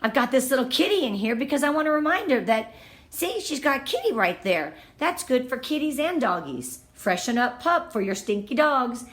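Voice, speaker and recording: A woman's voice: high-pitched, big pitch swings, normal speed, fairly bright tone. A woman giving her sales team an upbeat, gushing training talk on online party presentations, at home in front of her product display wall. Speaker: direct-sales consultant coaching her team. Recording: echoey room.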